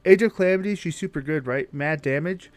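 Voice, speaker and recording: Young male streamer, slightly high voice, dry close sound, reads chat while playing. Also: a little fast, dry recording. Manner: thinks aloud while playing and reading chat. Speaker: game streamer. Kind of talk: live gameplay commentary.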